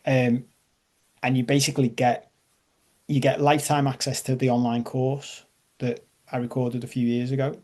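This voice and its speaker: A man's voice: mid-range voice, flat delivery, normal speed, darkish tone. A man leading a live online coaching masterclass, chatty and self-deprecating, checking in with his audience. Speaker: life coach.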